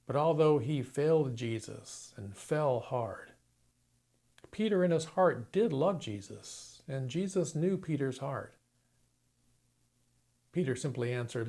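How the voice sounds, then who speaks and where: A man's voice: mid-range voice, animated, takes it slowly, vocal fry, pauses often, mellow. A man preaching a sermon, retelling a story dramatically and acting out the quoted lines. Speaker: pastor.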